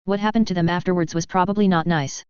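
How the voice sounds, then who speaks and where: A woman's voice: fairly low pitch, steady tone, fast, darkish tone, smooth, dry recording, dull audio, natural voice. A woman reading the lines of a blunt, swearing human male ambassador.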